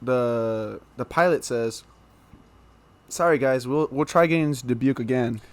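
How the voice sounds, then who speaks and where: A young man telling a story as a podcast guest in a casual, animated way, laughing through the funny parts. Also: medium pitch, normal speed.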